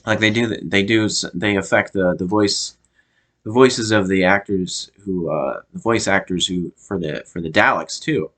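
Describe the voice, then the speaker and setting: An American man giving a casual review monologue, often pausing and restarting as he searches for words. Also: low-pitched, fairly bright tone. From United States. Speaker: show reviewer.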